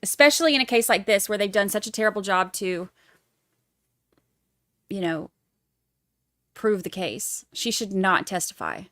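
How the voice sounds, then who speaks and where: Woman, livestream host, casual chat, snarky, laughs often, mid-pitched, dry close mic. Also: animated, moderate pace, pauses often, fairly bright tone, dry recording. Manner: snarky, chatty, laughs easily.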